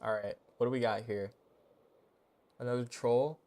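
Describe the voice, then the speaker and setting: A young man streaming a game, talking casually in a goofy, excitable, rambling way full of slang. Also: mid-range voice, normal speed, long pauses. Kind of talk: casual live-stream commentary.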